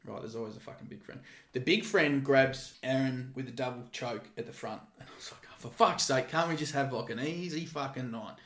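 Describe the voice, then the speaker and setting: A man's voice: medium pitch, fairly quick. A man who used to work security, telling a story casually with lots of swearing. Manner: profane, lively anecdotes. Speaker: former security guard. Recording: roomy echo.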